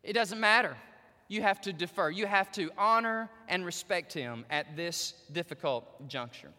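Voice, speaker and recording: Animated high-voiced male preacher. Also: normal speed, in a large hall. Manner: animated storytelling, addresses the women in the audience directly. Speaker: pastor. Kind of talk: sermon.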